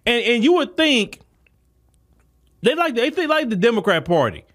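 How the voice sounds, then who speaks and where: A man's voice: very high-pitched, very animated, moderate pace, fairly bright tone. A man hosting a podcast, talking in a casual, emphatic monologue straight to his listeners. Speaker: podcast host.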